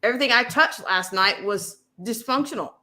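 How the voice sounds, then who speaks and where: A woman's voice: a little high, moderate pace, bright, forceful tone. A woman hosting a casual livestream chat, rambling with many restarts and fillers as she talks to her viewers. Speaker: livestream host.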